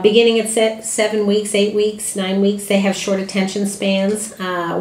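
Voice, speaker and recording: Low-voiced woman, plainspoken dog trainer. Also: roomy sound. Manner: plainspoken, many "uh" fillers and restarts. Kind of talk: informal talk to puppy owners.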